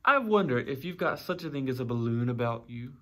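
A man's voice: medium pitch, expressive, a little fast, natural voice. Winnie the Pooh, as a man voices him. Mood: earnest, musing. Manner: earnest, slightly anxious, ponderous. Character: gentle, earnest, simple-minded male toy bear. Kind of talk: storybook read-aloud.

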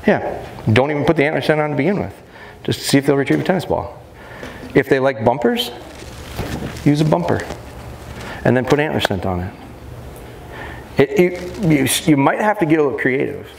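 A man in a mid-pitched voice runs a live dog-training seminar with lively, swooping intonation and a joking, demonstrative delivery. He is heard through an echoey expo hall with faint background noise. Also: moderate pace, gravelly, pauses often. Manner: animated, demonstrative, jokey.

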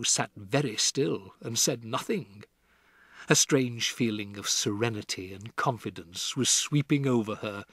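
A man reading a children's novel aloud as an audiobook narrator, with expressive storytelling. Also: mid-range voice, dry recording, studio quality. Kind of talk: scripted narration.

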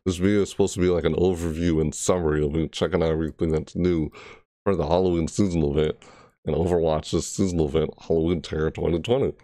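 This gaming video creator's voice is extremely low and dark, steady in tone, and fast. He chats through a game trailer reaction, meandering, self-correcting, and letting loose shrieked character impressions. The clean studio sound has no room sound.

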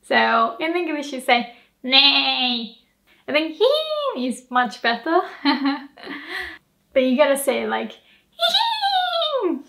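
Slow-talking Japanese woman teaching. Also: high voice, creaky, sharp tone. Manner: playful, laughs often, acts out animal sounds. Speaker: language teacher. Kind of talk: casual language lesson.

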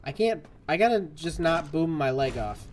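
Man, live gameplay commentary, fairly high voice, exasperated, jokey, faint background noise. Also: big pitch swings, moderate pace. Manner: exasperated, jokey, talks to the game. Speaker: streamer.

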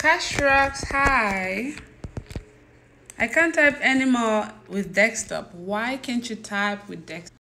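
A woman's voice: a little high, takes it slowly, bright, forceful tone, slight background noise. A woman with a Nigerian accent chatting casually with her livestream viewers, mixing in pidgin and laughing often. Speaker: livestream host. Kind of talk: casual live chat with viewers.

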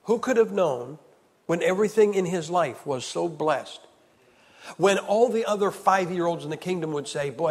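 Man preaching, high voice, long hall reverb, emphatic, rhetorical questions, loud to hushed. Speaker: evangelist preacher. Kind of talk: sermon. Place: large church hall.

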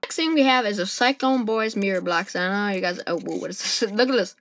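A woman casually chatting through an unboxing, excitable and rambling as she thinks aloud, recorded on a camera's built-in mic. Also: medium pitch, fast talker. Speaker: vlogger unboxing puzzle cubes. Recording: noisy amateur camera recording.

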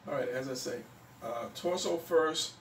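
A man giving a relaxed drawing tutorial, thinking aloud as he sketches and often pausing with fillers. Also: mid-range voice, creaky. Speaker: drawing instructor. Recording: echoey room, mic at a distance, faint background noise.

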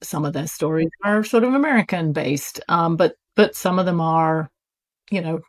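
On the low side and at normal speed, this British woman's voice carries a casual interview chat where she appears as a guest. An audiobook publisher, she's animated, laughing a lot and leaning on fillers.

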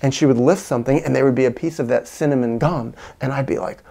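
A man recounting a childhood story in a reflective monologue, acting out quoted lines with whispers and bursts of higher pitch. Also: fast talker, vocal fry, warm tone. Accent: American. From United States. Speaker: video essayist on parenting.

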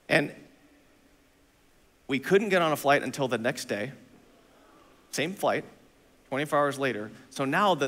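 Bright-voiced pastor in an echoing sanctuary. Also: male voice, medium pitch. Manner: animated, self-mocking anecdote with acted-out dialogue. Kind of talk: sermon storytelling. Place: church sanctuary. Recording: long reverb of a church hall.

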